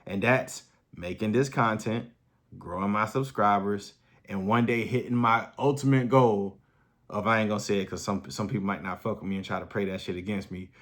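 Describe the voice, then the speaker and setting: A man's voice: lowish voice, fairly even intonation, moderate pace, a bit bright. Profane hyped-up man vlogging. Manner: blunt, profane, hyped-up storytelling. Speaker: fitness vlogger. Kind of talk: casual motivational monologue.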